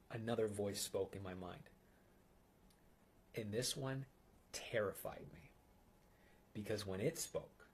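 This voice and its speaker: A man telling a personal testimony in an intense, earnest way, sometimes dropping to a hushed whisper. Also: lowish voice, husky.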